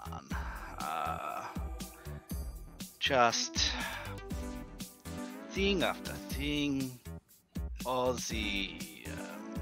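A man voicing a weary male NPC who is tired and fed up, talking in a halting, sighing way. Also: fairly low pitch, exaggerated voice.

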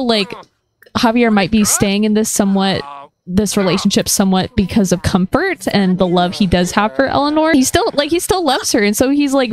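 A young woman who chats and giggles her way through casual storytelling about a life-sim game. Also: a little high. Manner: chatty, giggly, full of fillers. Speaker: gaming video creator.

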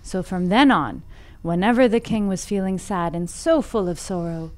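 A woman reads out a scripted storytelling segment on a podcast at an ordinary middle pitch for a woman. Between passages she turns playful and laughs at herself. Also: animated, normal speed, a little mellow. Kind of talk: reading a scripted segment and chatting.

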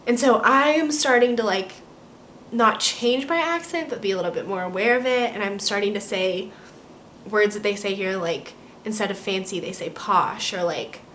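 A woman's voice: mid-range voice, a bit bright, slight background noise. A young adult woman with an American accent, a college student chatting through a casual vlog update from her apartment in a bubbly, rambling way full of "like" and "um". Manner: bubbly, rambling, heavy use of "like" and "um". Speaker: vlogger, college student studying abroad.

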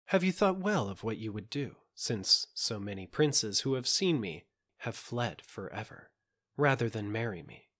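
A man's voice: lowish voice, sing-song, a little slow, fairly bright tone, husky, heavily acted. A man voicing a beautiful, wicked young princess in a storybook reading, sweet and coaxing in manner.

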